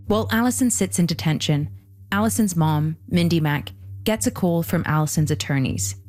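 A woman hosting and narrating a documentary podcast in a measured, scripted delivery. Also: on the low side, lively intonation, a little mellow.

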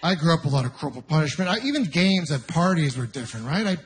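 A man doing stand-up comedy, telling stories in an incredulous, exasperated way with quick asides, with an audience laughing. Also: fairly high pitch, sing-song. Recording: live venue with audience noise.

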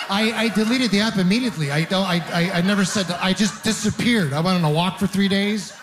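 A young man working a stand-up set into a handheld mic, his voice sitting a touch high. He rambles through stories and pokes fun at himself, landing each punchline hard. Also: fast talker, hardly any pauses, fairly bright tone. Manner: rambling, self-deprecating, punchy storytelling. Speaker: stand-up comedian. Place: comedy club stage with laughing audience.

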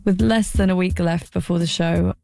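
A woman's voice: fairly low pitch, fairly even intonation, normal speed, vocal fry, over music. A young woman narrating a personal documentary in a wry, self-deprecating way.

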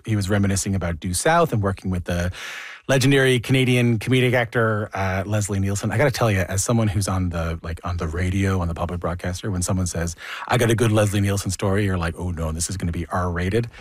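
A man's voice: deep voice, fast, breathy edge, no echo, clean studio sound. A man hosting a public radio interview show, asking questions and previewing segments in a conversational, lightly joking way. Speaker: radio host.

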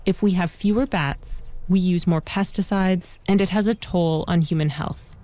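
A woman reporter giving a measured, scripted narration for a news feature. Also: on the low side, warm tone. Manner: measured, clear storytelling delivery.

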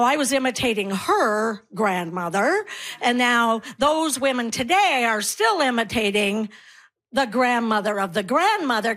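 A woman's voice: fairly high pitch, a bit bright. A woman, doing a wry, self-mocking stand-up comedy set. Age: 60s. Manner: wry, self-mocking, punchy delivery with put-on voices.

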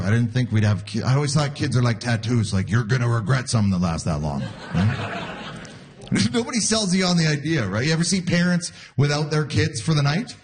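A man in his forties from Canada performs a stand-up set in a relaxed, storytelling way, often laughing at his own lines. His voice sits a little high and jumps around animatedly. There is a faint hiss of noise behind him. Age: 40s. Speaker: stand-up comedian. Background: audience laughter.

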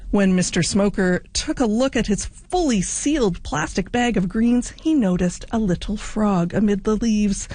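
A woman's voice: mid-range voice, moderate pace, few pauses, dark tone, no room sound. Woman radio host, wry and playful, reading a light news item, dry studio sound. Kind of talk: scripted radio news intro.

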